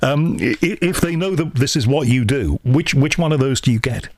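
A man's voice: mid-range voice, lively intonation, moderate pace, dry recording. A man from Liverpool with a faded Liverpool accent, hosting a podcast in a rambling, reflective, self-deprecating way. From Liverpool, England. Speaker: podcast host. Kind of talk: casual monologue and interview.

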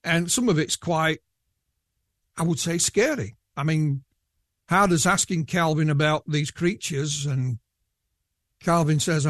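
Yorkshire man, somewhat high voice, rambling casual talk, dry sound. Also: a little slow, long pauses, fairly bright tone, no echo. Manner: rambling, with many restarts. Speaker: guest researcher. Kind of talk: casual interview chat.

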